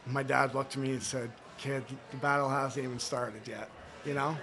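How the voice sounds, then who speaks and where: A man's voice: medium pitch, steady tone, normal speed, fairly bright tone, a little hiss or hum. A man from Canada, a former hockey player, telling personal stories in an earnest, heartfelt way in a studio inside a sports bar. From Toronto, Canada. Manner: earnest, heartfelt storytelling with fillers. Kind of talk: casual interview chat.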